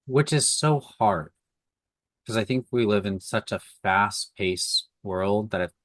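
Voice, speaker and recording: A man with a very deep voice hosts a podcast, calmly asking questions and reflecting on the answers. His voice sounds close and dry, with no room echo. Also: takes it slowly. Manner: calm, asks questions and reflects back. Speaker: podcast host. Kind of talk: casual reflective conversation.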